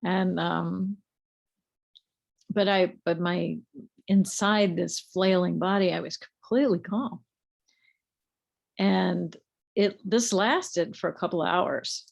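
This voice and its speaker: A middle-aged woman slowly telling a personal spiritual story, halting, with many fillers and restarts. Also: fairly low pitch, vocal fry. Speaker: group leader telling her spiritual story.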